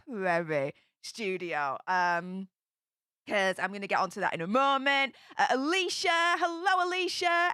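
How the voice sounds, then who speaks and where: A bubbly woman chats on her livestream with a high, bright voice. She greets viewers one after another in a warm, lively flow. The sound is dry and close. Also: clear, resonant tone, no echo. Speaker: livestream host. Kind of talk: casual livestream chat. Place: home studio.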